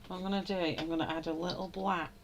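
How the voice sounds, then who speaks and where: A woman's voice: fairly low pitch, fairly even intonation, fast, very noisy. A woman, chatting casually at home while she colours on a livestream, greeting viewers by name and laughing often. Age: 30s. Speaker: livestream host.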